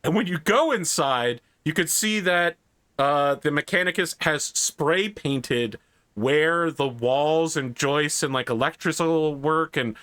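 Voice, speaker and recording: A man's voice: a little high, takes it slowly, fairly bright tone, dry recording. A man narrating a tabletop role-playing game as game master, casual and vivid, with many "like"s.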